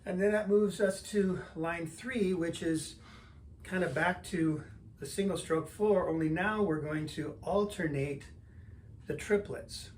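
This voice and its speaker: Older man, drum teacher, relaxed explaining, counts in, somewhat high pitch, faint noise behind. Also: unhurried. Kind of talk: instructional lesson talk.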